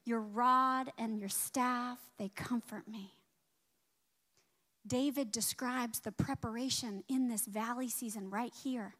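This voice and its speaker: Bright, high-voiced woman preaching. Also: steady tone, takes it slowly. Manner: dynamic preaching, climbs loud and high on key points, drops low for scripture. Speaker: pastor. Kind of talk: sermon.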